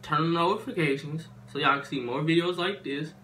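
A man's voice: fairly high pitch, a little fast, bright, forceful tone, a little hiss or hum. A young man telling a storytime story to his viewers in casual slang, animating and exaggerating as he goes. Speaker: YouTuber.

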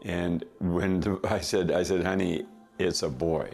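A middle-aged man casually telling a family story as a podcast guest, chuckling often and throwing in quick asides. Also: low voice, fairly even intonation, creaky, a little mellow, soft background music.

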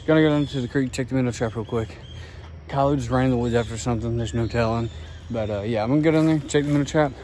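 A man's voice: mid-range voice, fast talker, a little mellow, a little hiss or hum. A man, out of breath, chatting casually to viewers while vlogging outdoors by a creek. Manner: chatty, talks to viewers while riding and hiking.

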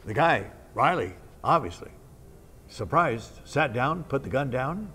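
A minister telling a story in a short devotional message, in a measured, unhurried way. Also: male voice, mid-range voice, very animated, bright, forceful tone, breathy edge. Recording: long reverb with faint music.

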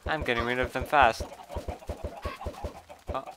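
A man's voice: mid-range voice, fairly even intonation, unhurried, noisy background. A man giving casual gameplay commentary, chatty, swearing, and talking to the animals in the game. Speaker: gameplay video host.

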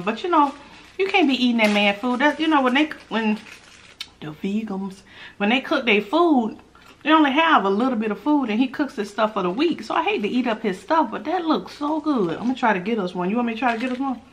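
A woman chats while she eats on camera in a mukbang, speaking straight to her viewers and dropping playful little hums between thoughts. Her voice sits a bit high and swings widely in pitch. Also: fairly bright tone, slight background noise. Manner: chatty, talks straight to viewers as y'all; playful, drawn-out asides with hums and laughs. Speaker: food vlogger. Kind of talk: casual mukbang chat while eating.

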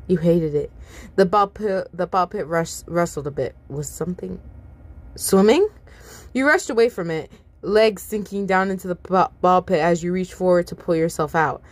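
Expressive woman reading fan fiction. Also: on the low side, normal speed. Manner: expressive, giggly asides. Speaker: story reader.

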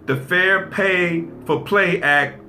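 A man's voice: high voice, takes it slowly, sharp tone, a little hiss or hum. A man hosting a casual commentary show, talking straight to his audience, repeating points and checking in with "okay?". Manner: repeats phrases for emphasis. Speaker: host.

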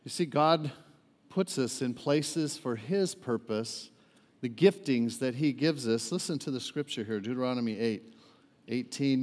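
A man's voice: medium pitch, unhurried, a little mellow. A man preaching a sermon to a church congregation, joking with the crowd and asking them to respond. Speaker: guest preacher. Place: church sanctuary. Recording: echoey church hall reverb.

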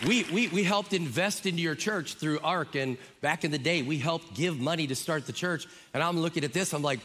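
A man's voice: on the high side, normal speed, hardly any pauses, fairly bright tone, slight background noise. A middle-aged man from Minnesota, a guest pastor preaching with enthusiasm and a joking, friendly way with the crowd. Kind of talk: sermon. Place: large church auditorium. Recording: long reverb in a church hall. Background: congregation audible.

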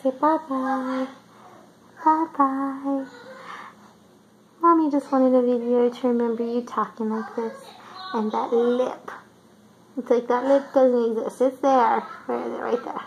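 A mother speaks to her baby in gentle, cooing baby talk, her voice sitting fairly high. The home video was shot on a handheld camera. There is clear background noise. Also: fairly even intonation, moderate pace, rough recording.

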